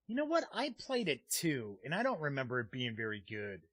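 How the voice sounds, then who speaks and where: A man's voice: medium pitch, huge pitch swings, fairly quick, fairly bright tone, no echo. A man hosting a live-streamed tabletop gaming show, chatting casually and rambling with frequent "uh" fillers as he reads viewer comments aloud. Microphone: streaming desk mic.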